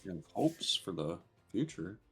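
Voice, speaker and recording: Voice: low voice, sing-song, a little slow, soft background music. A joking, easygoing gaming friend chatting casually. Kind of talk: casual chat.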